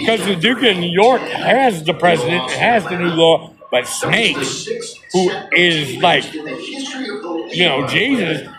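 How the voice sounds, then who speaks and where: A man with a high, gravelly voice rambles through an excited comedic monologue and keeps checking that the listener is following. Music plays clearly behind him. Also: poor audio.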